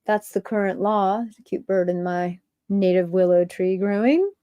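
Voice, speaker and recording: A woman's voice: mid-range voice, normal speed, no room sound, muffled recording. A woman hosting a livestream, ranting in a rambling stream-of-consciousness way with many filler words. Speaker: livestream host.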